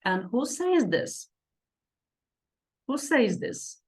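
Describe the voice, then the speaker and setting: A woman teaching English vocabulary, repeating each word pair slowly and checking in with "okay" and "right". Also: a little high, very animated. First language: Turkish. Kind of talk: slow classroom lesson explanation.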